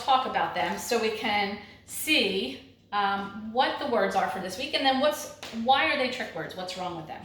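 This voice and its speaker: Woman, phonics teacher, lively pitch, echoey room. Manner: clear, drilling, animated teacher voice. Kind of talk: online phonics lesson.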